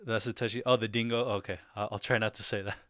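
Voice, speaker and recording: A man's voice: on the low side, flat delivery, fast, fairly bright tone, dry recording, clean studio sound. A man hosting a casual livestream, talking easily with viewers, laughing often and speaking loosely with fillers and restarts. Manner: laughs often, easygoing and upbeat. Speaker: livestream host.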